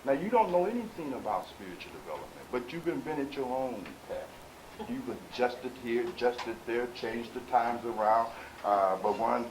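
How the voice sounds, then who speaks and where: A man's voice: lively intonation, moderate pace. Emphatic male preacher in an echoey room. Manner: emphatic, swings from low asides to loud exhortation; conversational, addresses listeners directly. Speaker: spiritual teacher. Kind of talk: preaching lecture with audience questions. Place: meeting room with live audience. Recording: echoey room, faint hiss.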